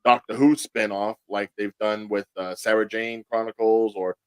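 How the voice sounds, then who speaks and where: A man co-hosting a casual film podcast, with rapid, trailing asides. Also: on the low side, fairly even intonation, darkish tone, smooth, dry recording. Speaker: podcast co-host. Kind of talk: casual panel chat.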